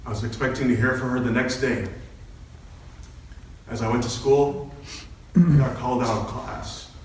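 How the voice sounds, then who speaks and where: A man's voice: mid-range voice, fairly even intonation, normal speed, recorded from a distance, slight background noise. Young man telling his story in an echoey hall. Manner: earnest, storytelling, quotes himself and others. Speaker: speaker giving a personal speech. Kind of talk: personal story speech. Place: meeting hall. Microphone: far from the microphone.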